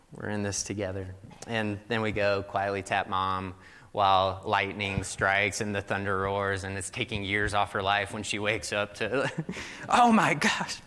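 A man's voice: lowish voice, bright, forceful tone, clean tone, big-room sound. A young adult man from Missouri giving a sermon in a loose, conversational storytelling way, full of "like" fillers. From Missouri, USA. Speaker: pastor.

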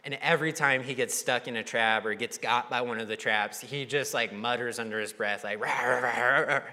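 A young male pastor preaches in a relaxed, conversational way, slipping into voices for the people he quotes. His voice sits at a middle pitch and carries a long reverb from a large church hall. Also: a little fast. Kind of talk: sermon.

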